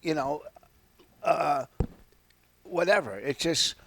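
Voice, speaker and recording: A man's voice: fairly high pitch, animated, takes it slowly, vocal fry, crowd noise. A man, a comedian, telling stories in a casual radio talk and laughing often. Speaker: guest comedian.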